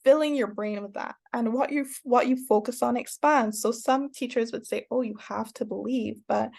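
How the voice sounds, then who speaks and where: A woman talking through an online lesson in a loose, rambling way, full of fillers and restarts. Her voice sits a little high and carries a gravelly fry. Now and then she breaks into excited cheering. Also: normal speed. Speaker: online course teacher. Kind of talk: casual spoken lesson.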